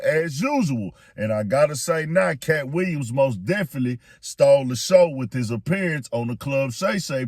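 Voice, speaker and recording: A man's voice: medium pitch, darkish tone, dry recording. Dude running his own commentary channel, chill and slangy, bit hyped, dry close mic. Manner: laid-back, slangy, hype. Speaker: YouTube commentary host. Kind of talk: casual commentary vlog.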